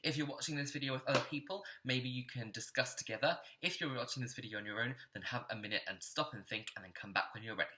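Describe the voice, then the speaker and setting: A man teaching an online music lesson in a clear, encouraging teacherly way, sometimes chanting rhythms aloud. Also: mid-range voice, fast talker, few pauses, pushed and bright, a little hiss or hum.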